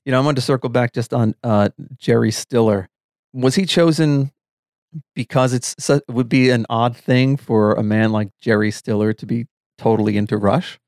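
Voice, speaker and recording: A man interviewing a guest, asking relaxed conversational questions. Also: mid-range voice, normal speed, dry recording, clean studio sound. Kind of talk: casual interview.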